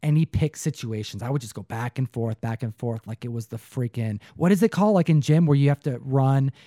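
A young man co-hosting a casual chat, telling stories in an animated way, often slipping into put-on voices and saying "dude" a lot. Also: medium pitch, fairly quick, no echo, studio quality. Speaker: podcast co-host.

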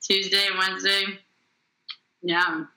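Very bright-voiced young comedian woman. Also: mid-range voice, little pitch movement, poor audio. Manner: quick, self-deprecating, wry. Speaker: comedian guest. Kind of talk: casual podcast chat.

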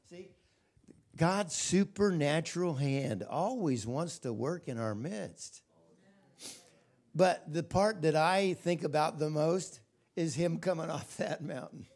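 Slow, gravelly-voiced preaching bishop. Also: male voice, a little high, darkish tone. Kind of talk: sermon.

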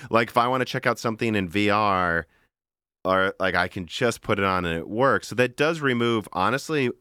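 A man's voice: lowish voice, moderate pace, clear, resonant tone, dry recording, clean studio sound. A man co-hosting a podcast, chatting casually and rambling about gaming gear with frequent laughs. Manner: rambling, animated, laughs often. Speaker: podcast co-host. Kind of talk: casual tech chat.

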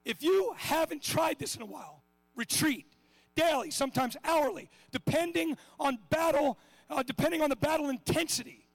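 A middle-aged man preaching a sermon with passion, swinging between shouts and hushed asides. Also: extremely high pitch, moderate pace, no room sound.

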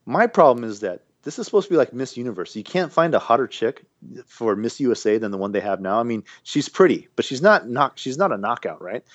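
A man co-hosting a podcast, rambling and animated in casual banter, full of restarts. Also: mid-range voice, brisk, no room sound, highs cut off. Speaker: podcast co-host.

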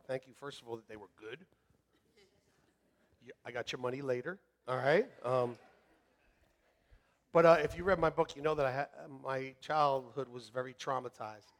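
A middle-aged male pastor preaching a sermon in church, joking and animated, swinging from shouting to hushed. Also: on the high side. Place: church sanctuary.

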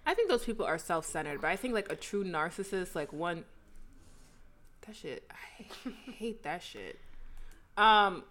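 A woman's voice: fairly low pitch, sing-song, unhurried, fairly bright tone. Frank woman with a New York accent. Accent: American, New York. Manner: frank, profane, filler-heavy. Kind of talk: casual chat.

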